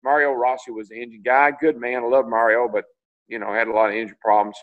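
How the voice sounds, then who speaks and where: An older man from Tennessee, a retired racing driver, tells long anecdotes as a guest on a video call interview, full of restarts and fillers. His mid-range voice is level in tone and fast, heard through narrow, tinny audio.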